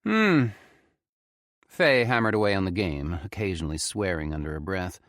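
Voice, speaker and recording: A man reading a horror story aloud with expressive, tense storytelling. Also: deep voice, a little fast, no echo, studio quality. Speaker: audiobook narrator. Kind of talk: scripted horror narration.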